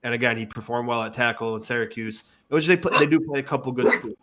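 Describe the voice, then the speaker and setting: A man's voice: mid-range voice, quick pace, a bit bright. A man on a sports podcast panel, talking in a casual, rambling way and often repeating himself.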